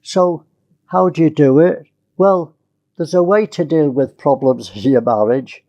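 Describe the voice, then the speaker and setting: A man's voice: on the high side, a little slow, muffled recording. A male preacher giving a conversational sermon, asking his listeners rhetorical questions.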